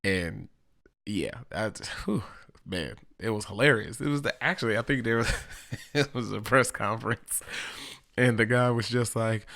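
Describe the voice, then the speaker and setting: A man's voice: on the low side, measured pace, creaky, a bit bright. A man hosting a solo podcast, talking casually and profanely and laughing often. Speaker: podcast host.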